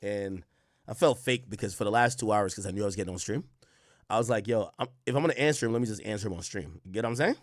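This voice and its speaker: A young man hosting a livestream, casually reading his chat and shouting out cities in a loose, profane way. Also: lowish voice, fast, no echo, studio quality. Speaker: livestream host. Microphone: desk mic close up.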